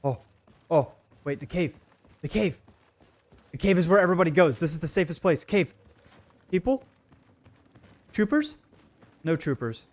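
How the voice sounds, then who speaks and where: A man's voice: a little high, animated, normal speed, pauses often. A young man livestreaming a video game, ranting and swearing in exasperation while talking casually to his viewers.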